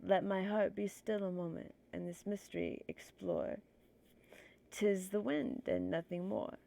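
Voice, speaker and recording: A woman's voice: medium pitch, sing-song, unhurried, vocal fry, dark tone. A woman streamer with a stuffy nose reading poetry aloud on a livestream, nervous and self-conscious, apologizing for her slips.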